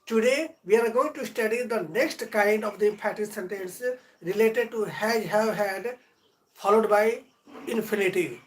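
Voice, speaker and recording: A man teaching a live-streamed grammar lesson, lecturing earnestly and deliberately, drawing out key words between long pauses. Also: sits high, rough recording. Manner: earnest, motivational.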